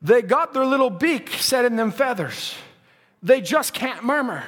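High-voiced preacher shouting and hushing. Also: male voice, lively intonation, unhurried. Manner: preaching with swings from shouting to hushed tones. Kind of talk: sermon.

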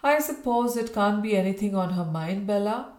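A woman's voice: medium pitch, expressive, normal speed, darkish tone, natural voice. A woman reading a mild, rueful Victorian husband. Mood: puzzled. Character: puzzled good-natured Victorian husband. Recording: roomy echo.

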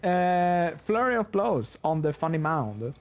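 A man playing a tabletop game, explaining his attacks in a halting way with many fillers. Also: high-pitched, very animated. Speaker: player.

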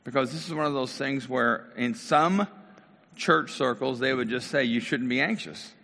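A man's voice: mid-range voice, moderate pace, gravelly, bright, forceful tone, long reverb tail. A middle-aged man preaching a casual, conversational sermon, talking directly to his congregation in a church. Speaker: pastor.

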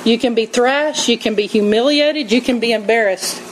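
High-voiced woman preaching a sermon. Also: normal speed, slight background noise, low-quality recording. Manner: animated storytelling, acts out quotes, laughs often.

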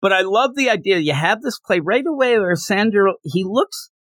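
A man's voice: high-pitched, lively intonation, normal speed, fairly bright tone, no echo. A man co-hosting a podcast, chatting casually as he recaps a manga chapter and slips into character voices while retelling it. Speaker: podcast co-host.

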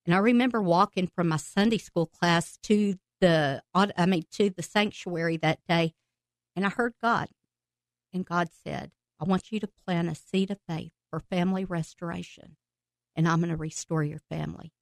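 A woman guest on a podcast telling her personal faith testimony with emotion, laughing and breaking into excited outbursts as she tells it. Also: fairly low pitch, moderate pace, gravelly, no echo.

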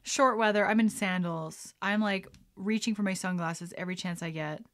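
A woman's voice: medium pitch, normal speed. A young woman hosting a casual podcast at home, chatty and rambling, often breaking into giggles as she talks. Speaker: podcast host. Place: at home, mixing a drink on camera.

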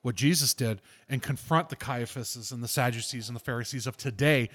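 A man hosting a casual podcast, telling stories with animated, irreverent energy that turns preachy when he makes a point. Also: medium pitch, brisk. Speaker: podcast host.

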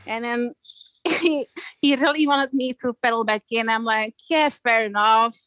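A woman's voice: fairly high pitch, unhurried, dry recording, poor audio. A young woman from Belgium telling a surfing story in casual talk, laughing often and acting out what people said. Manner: animated, laughs often, acts out quotes. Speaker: guest surfer.

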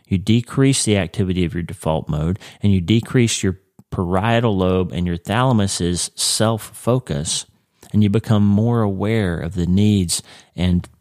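A man's voice: deep voice, a little mellow, no room sound, studio quality. A congested man with jaw pain giving an earnest, conversational faith lesson to his regular audience. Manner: earnest, explanatory, with occasional restarts. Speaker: Christian teacher of a weekly series.

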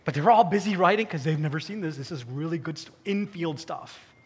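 A man in his fifties giving a personal testimony to an audience, swinging from hushed to loud. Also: fairly high pitch, expressive, fast, husky. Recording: long hall reverb.

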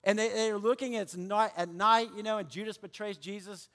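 Pastor guy preaching, lively, acts out what people say, goes quiet sometimes, big echoey church. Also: high voice, normal speed. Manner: animated preaching, acts out quoted people, drops to hushed tones. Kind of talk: sermon. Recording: long hall reverb.

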